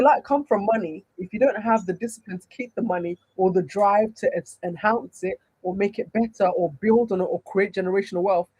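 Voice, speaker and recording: A woman's voice: a little high, mellow, husky, dry recording, poor audio. A woman with a Nigerian accent, a dating coach answering chat questions on a livestream, emphatic and full of rhetorical questions.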